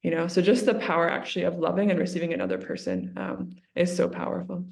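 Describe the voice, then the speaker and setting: A woman, a religious sister, talking earnestly in an interview and retelling a story with lively quotes. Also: on the low side, quick pace, vocal fry.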